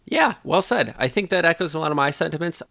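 A man hosts a podcast with a bright, forward voice pitched a little high. He speaks articulately, with a playful, self-aware edge, close to a dry-sounding mic. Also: animated, fast talker, creaky, no room sound. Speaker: podcast host. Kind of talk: casual podcast chat.

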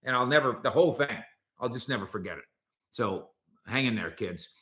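A man's voice: mid-range voice, a little fast, roomy sound. A man hosting a solo sports talk show, arguing his points and talking directly to his listeners. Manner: animated, argumentative, talks to listeners directly. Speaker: sports podcast host.

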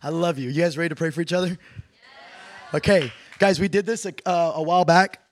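A man preaching in a conversational teaching style, animated and playful with quick asides to his listeners. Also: fairly high pitch, slight background noise. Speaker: preacher teaching a class on prayer.

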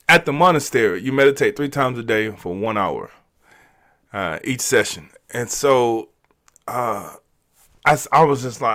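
A man's voice: mid-range voice, expressive, a bit bright, no room sound. A man, telling a personal story in a candid, emotional way, often restarting his words. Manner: emotional, halting, repeats words. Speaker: podcast guest.

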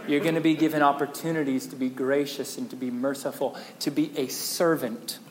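A man preaching a sermon, telling a story with lively animation and acting out the scenes. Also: mid-range voice, a little fast, big-room sound. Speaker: pastor.

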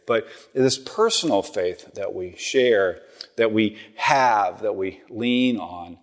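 A man, a church rector giving a storytelling sermon, acting out the quoted voices with a lifted pitch. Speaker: rector and preacher. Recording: church hall with long reverb.

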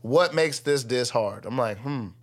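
A young man telling a story in casual chat, slangy and animated, acting out what people said and laughing often. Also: medium pitch, a little fast. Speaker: guest, rapper.

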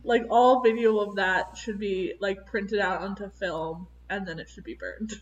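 A woman's voice: mid-range voice, unhurried. A woman co-hosting a casual podcast chat, blunt and sarcastic. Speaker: podcast co-host. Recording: distant, dull-sounding mic.

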